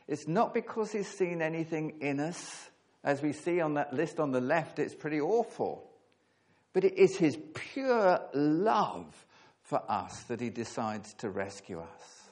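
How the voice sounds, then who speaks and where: A man preaching a sermon, earnest and emphatic, leaning hard on key words with pauses between phrases. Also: medium pitch, a little mellow.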